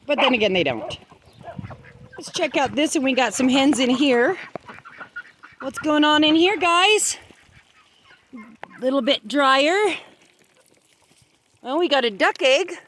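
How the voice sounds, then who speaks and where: A woman walks her rainy farmyard with a handheld camera and chats casually to her flock. Her voice sits high and swoops up and down as she coos at the hens in a sing-song way. She talks slowly and unhurriedly, with a faint hiss of noise underneath. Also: lively intonation, fairly bright tone. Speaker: backyard poultry keeper filming her flock. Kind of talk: casual vlog, talking to her animals. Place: outdoor farmyard with pens in the rain.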